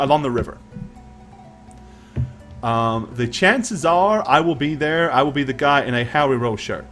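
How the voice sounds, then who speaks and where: A man's voice: on the high side, a bit bright. Chatty man hosting a live stream. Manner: chatty, answers chat questions with fillers. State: sore voice. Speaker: dungeon master and stream host.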